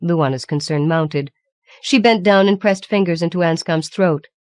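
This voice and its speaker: A woman reading a fantasy audiobook in a measured, even storytelling manner. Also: fairly low pitch, no echo, studio quality. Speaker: audiobook reader. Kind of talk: scripted narration.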